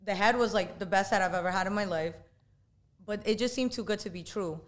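A woman's voice: medium pitch, a little fast. A young woman, a guest, telling personal stories in blunt, casual slang. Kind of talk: casual storytelling.

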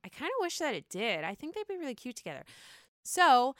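A woman's voice: high voice, sing-song, fairly quick, no room sound, studio quality. A woman hosting a podcast in casual reality-TV gossip chat, sassy and profane, always calling the listener honey. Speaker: podcast host.

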